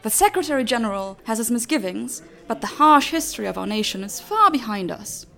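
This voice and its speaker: A man's voice: extremely high pitch, very animated, a little fast, gravelly, pushed and bright, soft background music, pitched above the performer's own voice, exaggerated voice. A man voicing a gushing, flamboyant female chancellor of a dragon people with a put-on German accent, formal and theatrical.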